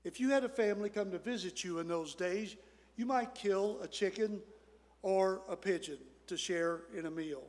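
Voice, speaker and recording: A pastor preaches in a high-pitched voice, spinning a folksy story and letting his voice drop low and soft at its tender moments. His words ring out with long reverb in the church sanctuary. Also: normal speed. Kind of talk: sermon with storytelling.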